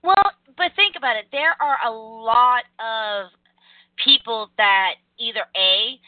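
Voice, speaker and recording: A woman hosting a casual podcast chat, blunt and animated, swearing casually. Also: on the high side, takes it slowly, dry recording. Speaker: podcast host. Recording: phone-like narrow sound, dry.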